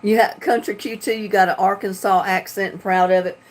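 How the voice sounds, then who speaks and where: Speaking a little fast with fairly even intonation in a mid-range voice, this woman reads comments during a casual livestream from home. She's from North Carolina, has a Southern drawl, laughs a lot, and uses a computer webcam mic.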